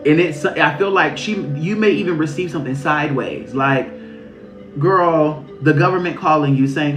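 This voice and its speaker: A man's voice: a little high, normal speed, a bit bright. A man giving a casual spiritual reading on a live stream. He talks loosely and profanely, repeats phrases and often breaks into laughter. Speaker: intuitive reader channeling messages. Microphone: phone during a live stream. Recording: roomy, slightly muffled stream audio with faint music.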